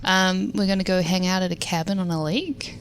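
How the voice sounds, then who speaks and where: Kiwi woman chatting on a podcast, easygoing, voice on the low side, bit of background hiss. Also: steady tone, fairly quick, rough recording. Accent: New Zealand. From New Zealand. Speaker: guest. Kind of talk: casual chat.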